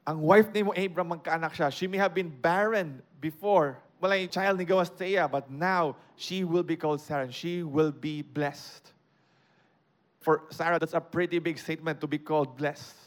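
A man with a Filipino accent teaching a sermon, switching between English and Cebuano, and getting louder to stress key points. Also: fairly high pitch, moderate pace. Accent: Filipino, mixing English with Cebuano. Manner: explains a scripture passage, code-switching and raising his voice for emphasis. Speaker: preacher.

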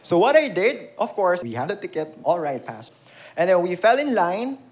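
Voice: medium pitch, big pitch swings, moderate pace. A preacher gives an earnest, emphatic sermon in a church, reading scripture and asking the congregation questions.

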